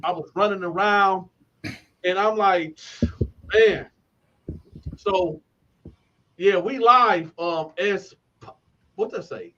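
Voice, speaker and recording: A man's voice: high-pitched, takes it slowly, long pauses, pushed and bright, dull audio, slight background noise. A man from Flint telling stories in a casual way, laughing often and acting out other people's voices. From Flint, Michigan. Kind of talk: casual storytelling.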